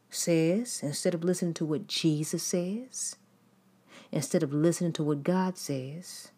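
A woman's voice: low-pitched, warm tone. Woman preaching in emphatic repetition. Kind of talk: sermon.

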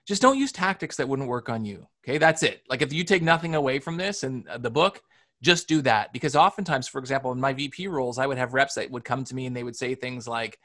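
A man from Canada, a sales author, answering interview questions in an energetic, explanatory way with rhetorical questions. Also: medium pitch, quick pace.

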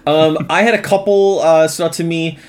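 Animated man in his thirties, slightly high voice. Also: moderate pace. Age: 30s. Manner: animated, throws in loud mocking impressions. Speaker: podcast co-host. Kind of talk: casual movie review chat.

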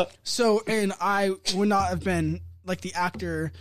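A man's voice: sits high, fairly quick, hardly any pauses, a crowd in the background. A young man appearing as a podcast guest, easygoing and laughing often as he chats. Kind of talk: casual chat.

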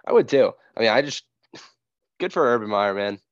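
A young man co-hosting a podcast, laid-back and laughing, often trailing off quietly. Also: lowish voice, expressive, a little fast, clean tone, dry recording, dull audio. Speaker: podcast co-host. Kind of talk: casual podcast banter.

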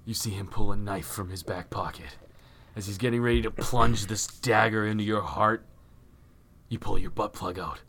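A man's voice: on the low side, steady tone, moderate pace, slightly rough. A man co-hosting a podcast, telling crude improvised stories in playful, profane banter. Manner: playful, swoops into loud silly voices; profane, joking. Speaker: podcast co-host.

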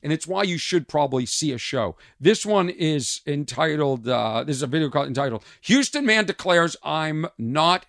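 Comedian guy hosting his podcast, acts out the stories, kinda high voice, super dry close mic. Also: brisk, few pauses, no room sound. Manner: animated storytelling, acts out exchanges. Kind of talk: casual podcast monologue.

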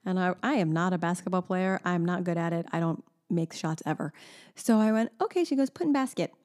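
A woman's voice: fairly low pitch, fairly quick. A woman in her thirties chatting casually as a podcast co-host, animatedly telling stories about her young daughter. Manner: animated storyteller, mimics her toddler. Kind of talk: casual chat.

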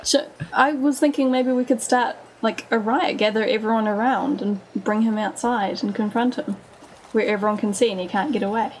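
A woman playing a tabletop game who narrates her character's actions in a lively, giggly way. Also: on the high side, moderate pace, slight background noise, poor audio. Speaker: player.

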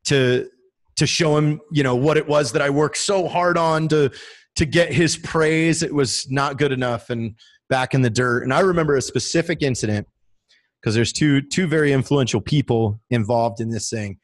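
Man, thirties, veteran guest, casual storytelling, profane, lots of "like" fillers, average pitch. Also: moderate pace. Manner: profane, heavy use of "like" fillers.

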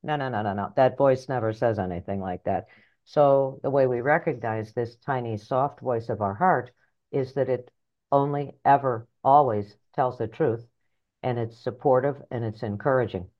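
A middle-aged woman author and life coach telling her story in an interview, animated and blunt, acting out voices in her head. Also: rumbling low, normal speed, lo-fi sound. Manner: animated, acts out inner voices, earthy phrasing.

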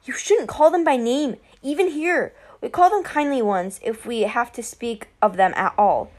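A woman's voice: a little high, expressive, normal speed, a little mellow. A woman voicing a clever, serious teenage girl who explains things patiently in an audiobook. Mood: earnest. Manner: earnest, matter-of-fact. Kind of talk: audiobook character voice.

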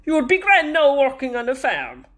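A woman voicing a blunt old male farmer with a Kerry accent, speaking loudly and roughly. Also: high-pitched, sing-song, moderate pace, pitched above the performer's own voice. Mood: leering. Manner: loud, rough compliments.

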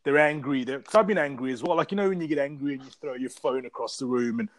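A man's voice: medium pitch, quick pace, dry recording. Rambling man, dry mic. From South Africa. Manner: rambling, profane storytelling. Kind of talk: casual chat.

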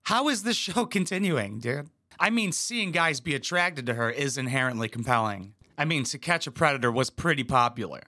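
A man's voice: medium pitch, animated, moderate pace, bright, forceful tone. A man doing crude, sarcastic reaction commentary as a comedy channel host, swearing and mocking freely. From United States. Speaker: commentary YouTuber.

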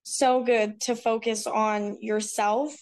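A woman's voice: fairly high pitch, steady tone, takes it slowly, darkish tone. A woman guest in a casual podcast conversation, talking earnestly and reflectively. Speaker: speaker at a women's retreat.

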